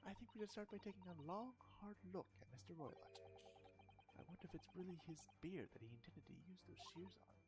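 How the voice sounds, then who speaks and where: A man voicing a polite, gentle young woman legal assistant in a soft, courteous, formal way. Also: high-pitched, lively intonation, fast talker, pitched above the performer's own voice. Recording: game music playing behind.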